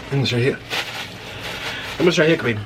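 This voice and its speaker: Lively young man, animated eating vlog. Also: mid-range voice, background noise. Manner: animated, exclaims loudly at spicy food. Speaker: mukbang host. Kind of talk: casual eating vlog chat.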